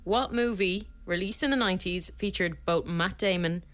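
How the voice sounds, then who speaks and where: A woman's voice: lowish voice, moderate pace, a bit bright. A woman, co-hosting and running a quiz in casual chat. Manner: teasing, matter-of-fact quizmaster. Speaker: radio co-host.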